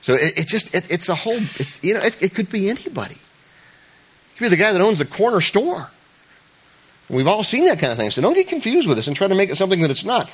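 A man preaching a sermon to a church congregation. He talks conversationally, jokes with the listeners and restarts often, and he rises loud and high for emphasis. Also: wildly swooping pitch, rapid-fire, few pauses, husky. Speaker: pastor.

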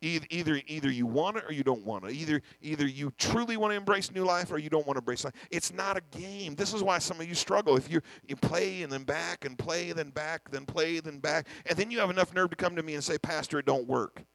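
A man preaching a sermon in a gravelly, somewhat high voice, emphatic and full of repeated words and restarts. He acts out his own inner voices as he preaches. The sound is dry and close, with a low mains hum underneath. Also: fast talker, few pauses, a bit bright, no room sound, poor audio. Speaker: senior pastor.

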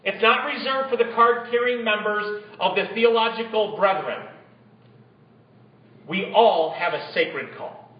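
A pastor preaching a sermon, reading scripture aloud and calling out to the congregation. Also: male voice, sits high, measured pace. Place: church. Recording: echoey, dull-sounding church recording.

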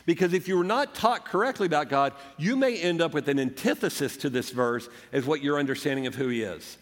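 A man's voice: fairly high pitch, lively intonation, a little fast. A man preaching a sermon as a pastor, earnest and conversational, acting out the quotes. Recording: echoey hall.

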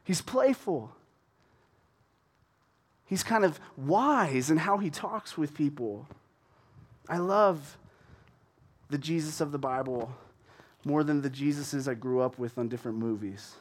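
A man giving a casual Bible teaching, animated as he retells the scripture in everyday words. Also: a little high, takes it slowly, long pauses.

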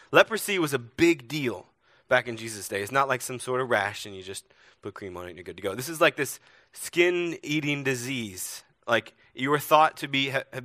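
A man delivers a sermon from a church stage with a bright, forceful tone. He tells stories and asks earnest rhetorical questions, swinging between loud emphasis and hushed moments. The sound is close and dry. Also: mid-range voice, dry recording. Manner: earnest storytelling, rhetorical questions, varied loudness. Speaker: pastor.

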